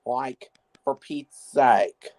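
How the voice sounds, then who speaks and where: A man's voice: medium pitch, extremely slow, darkish tone, low-quality recording. A man in casual reaction chat about a show, ranting in exasperation. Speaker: co-viewer.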